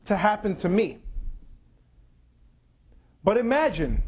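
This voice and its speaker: Heard through a dull, lo-fi recording, a man in his forties delivers a public lecture with a fairly high voice. His speech comes in short, measured bursts interrupted by dramatic pauses.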